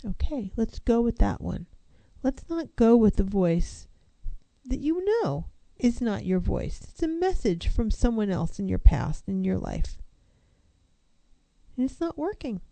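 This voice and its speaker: A woman counselor speaks in an earnest, reflective way, working through rhetorical questions one after another. Her voice sits a little high yet sounds deeply mellow and warm. The recording is dry and close, with no room sound. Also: sing-song, unhurried, vocal fry, dry recording. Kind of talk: reflective self-help talk.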